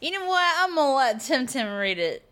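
A woman with a high, bright voice that swings lively up and down. She teases her co-hosts in loose podcast banter, laughing along the way. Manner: teasing, quick laughs. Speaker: podcast co-host. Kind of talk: casual banter.

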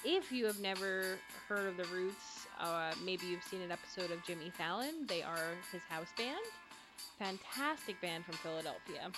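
A woman's voice: fairly low pitch, animated, moderate pace, music in the background. A young woman co-hosting a podcast in casual chat, rambling and laughing often. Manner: giggly, rambling with frequent ums. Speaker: podcast co-host.

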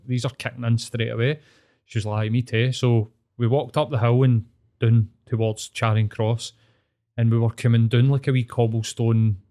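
A man's voice: mid-range voice, dark tone. Man, Glaswegian accent, casual storytelling, rambling, swears a lot, earnest. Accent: Scottish, Glaswegian.

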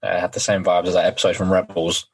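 A man's voice: low-pitched, level tone, fast, slightly rough, rough recording. A man co-hosting a casual podcast, talking over an episode with a hesitant manner full of ums and restarts. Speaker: podcast co-host. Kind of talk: casual recap chat.

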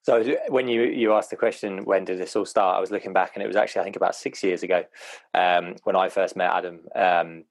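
A man's voice: low voice, fairly even intonation, a little fast, gravelly, no echo. A man who is a guest on a podcast, recounting how he first got involved. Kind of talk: casual podcast chat.

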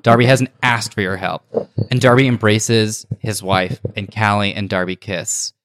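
A man running a tabletop game as game master, telling the story and dropping into character voices. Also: normal speed. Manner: animated storyteller, jumps into high character voices.

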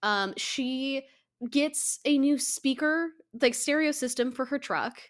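A woman co-hosting a podcast in casual chat, animated and acting out characters as she recaps. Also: high voice, slow pace. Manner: animated, acts out characters in quotes. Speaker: podcast co-host.

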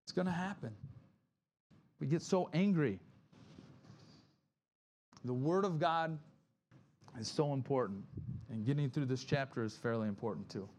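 A male pastor with a medium-pitched, slightly mellow voice preaches in a conversational manner, often adding "right?" and acting out Bible figures in brisk quoted lines. A little hiss or hum can be heard.

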